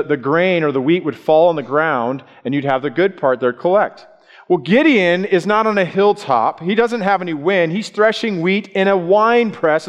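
A man preaches a sermon in a reverberant hall, his voice set a little high for a man. He tells the story in an animated way and acts out the voices of the people in it. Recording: long reverb in a large hall.

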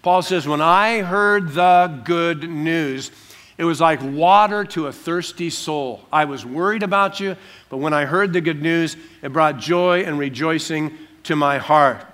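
A man, a pastor preaching a sermon and teaching through a passage verse by verse, breaking into small acted-out scenes in softer voices. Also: a little high, a little slow. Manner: animated, acts out little scenes in dropped voices.

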